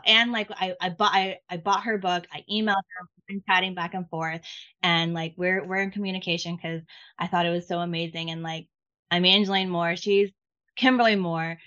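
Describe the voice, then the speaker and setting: A woman's voice: lowish voice, a little fast. Chatty woman with a dull, lo-fi sound. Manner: excitable, many "like" fillers and restarts. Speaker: podcast guest. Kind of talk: casual faith chat.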